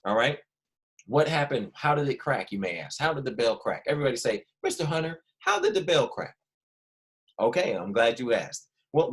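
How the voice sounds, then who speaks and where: A man teaching a recorded history lesson to first graders, animated and prompting the children to repeat after him. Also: mid-range voice, rough recording.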